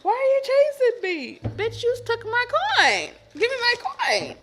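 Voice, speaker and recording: Woman doing a shrill, furious leprechaun. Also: huge pitch swings, unhurried, background noise, full character voice. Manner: shrieking, cursing, indignant. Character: shrill, furious leprechaun chasing a coin thief.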